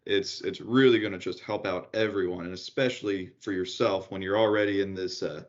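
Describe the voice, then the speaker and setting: A low-voiced man stresses his advice earnestly, restarting his phrases as he goes. The recording is dull and lo-fi. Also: steady tone, a little fast. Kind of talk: casual interview remarks.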